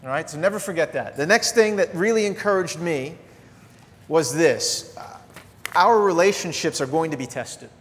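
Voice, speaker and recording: The sermon comes from a middle-aged pastor in a church sanctuary, speaking at a moderate pace in a voice that sits slightly high for a man. He alternates between spirited, animated preaching and soft confessional asides, and the hall adds a long reverb.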